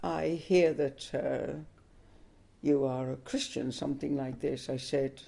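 An older woman telling a personal story in an interview, unhurried and chuckling as she recalls events. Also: very deep voice, fairly even intonation, vocal fry, warm tone.

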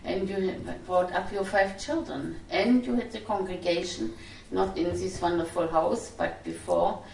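A woman interviewer prompting her guest to tell more, halting with fillers. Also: fairly low pitch, gravelly, darkish tone. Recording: roomy, distant mic with faint noise.

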